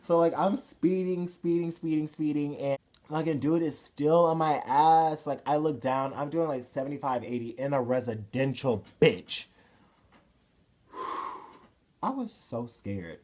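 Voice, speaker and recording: A young man telling a story to camera in a casual, excitable way. He swings from hushed to loud and fills his talk with "like" and swearing. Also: on the high side. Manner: excitable, fast shifts from hushed to loud, filler-heavy, swears freely. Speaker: vlogger.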